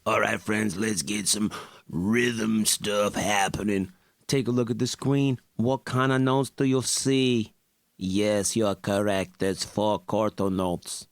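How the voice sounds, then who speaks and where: A man's voice: on the low side, steady tone, slow, vocal fry, no echo, clean studio sound. A man teaching an online music class, playful and upbeat, mixing sung lines with spoken explanation. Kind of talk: online music lesson with singing.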